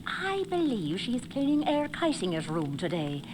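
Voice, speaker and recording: A woman's voice: on the high side, wildly swooping pitch, moderate pace. An actress playing a formal, courteous woman servant in a manor, as heard in a video game. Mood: polite. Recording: quiet game audio with noise.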